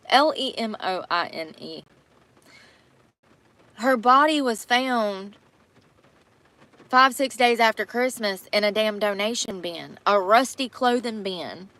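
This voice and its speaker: A woman's voice: mid-range voice, sharp tone, no room sound. A young woman, chatting casually and reacting to a news story with blunt, laughing disbelief.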